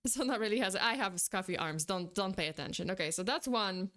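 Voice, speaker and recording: A woman's voice: medium pitch, animated, fairly quick, fairly bright tone. A young adult woman streaming in casual chat, rambling and exasperated, who swears and breaks into outbursts of disbelief.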